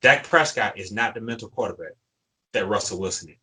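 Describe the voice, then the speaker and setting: A man co-hosting a fan show, plainly worked up and ranting. He presses his points with repeated phrases and a bright, forceful tone. His voice carries a husky grain. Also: fairly low pitch, expressive, a little fast, rough recording. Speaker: sports podcast co-host. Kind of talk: fired-up fan commentary.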